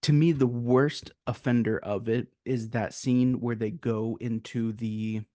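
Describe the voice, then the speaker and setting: A man's voice: medium pitch, steady tone, measured pace, mellow, dry recording, studio quality. A man co-hosting a casual film review, making earnest points with rhetorical questions. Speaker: podcast co-host.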